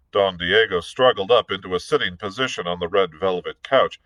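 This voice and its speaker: Bright-voiced male librarian reading aloud. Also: low voice, a little fast, hardly any pauses, no room sound, low-quality recording. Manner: steady narration with occasional small slips. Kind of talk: read-aloud storytelling.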